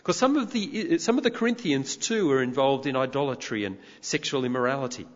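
A man preaching a sermon in a church, emphatic and expressive, firing off rhetorical questions at his congregation. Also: medium pitch, fairly quick. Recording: reverberant hall, dull lo-fi sound.

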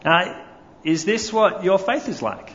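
Male preacher with a slightly high voice, storytelling sermon, dull lo-fi hall recording. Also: lively intonation, measured pace, fairly bright tone. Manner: storytelling, asks the congregation questions. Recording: lo-fi recording with long hall reverb.

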